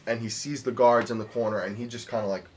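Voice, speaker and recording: A young man narrating a tabletop game as game master, relaxed and chuckling, with loose talk full of fillers. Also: mid-range voice, fast, slight background noise.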